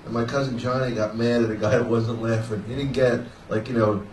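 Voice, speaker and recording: An older man, a guest comedian, telling brash, profane stories in a loose, animated banter on a comedy club stage. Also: mid-range voice, brisk, slight background noise. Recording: roomy live club audio from a distance.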